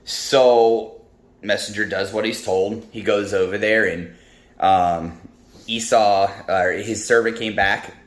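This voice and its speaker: A man's voice: fairly low pitch, fairly even intonation, takes it slowly. A man casually retelling a Bible story in a devotional talk, rambling with many ums and restarts. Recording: roomy echo, faint music.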